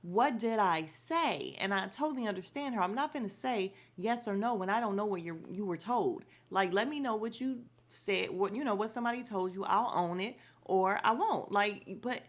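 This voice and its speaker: A woman's voice: mid-range voice, a little fast, few pauses. Chatty woman podcast host. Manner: chatty, opinionated, frequent laughs and slang. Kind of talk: casual reality show recap.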